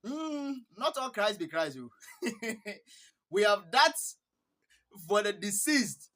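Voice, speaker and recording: High-voiced Ghanaian man telling stories. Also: slow pace. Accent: Ghanaian English. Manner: animated, laughs between phrases; earnest, blessing-filled sign-off. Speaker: vlogger. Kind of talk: casual storytelling vlog.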